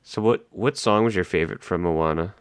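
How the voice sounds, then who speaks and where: Low-voiced teasing podcast man. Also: fairly quick, smooth. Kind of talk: casual chat.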